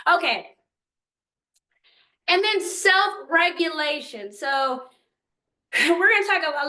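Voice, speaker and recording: An older woman presenting a workshop to parents, animated and asking the room questions. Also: high-pitched, reverberant, poor audio. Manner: animated, asks the audience questions, acts out quotes. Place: meeting room.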